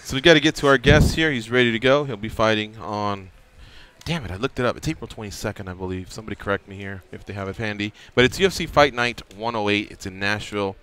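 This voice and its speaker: A man's voice: on the low side, fast, smooth. A middle-aged man hosting a radio show, telling a story casually and acting out the quotes. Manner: animated storyteller, acts out quotes.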